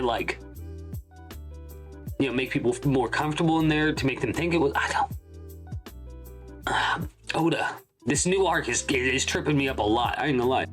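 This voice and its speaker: A young man talks through a manga chapter in a loose, rambling way, stopping to correct himself. His voice sits at an average pitch. Soft music plays faintly underneath. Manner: chatty, rambling, self-correcting. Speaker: channel host. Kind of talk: casual manga reaction.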